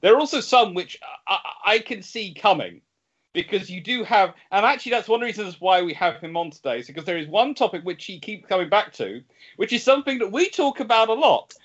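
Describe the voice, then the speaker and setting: A man's voice: high voice, animated, brisk, fairly bright tone, muffled recording. A man co-hosting a podcast, rambling in casual chat and often restarting his sentences. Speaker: podcast co-host.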